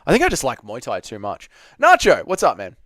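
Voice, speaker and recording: A man's voice: mid-range voice, huge pitch swings, a little fast, fairly bright tone, dry recording, clean studio sound. A man hosting a casual livestream Q&A, reading chat questions aloud and bantering back.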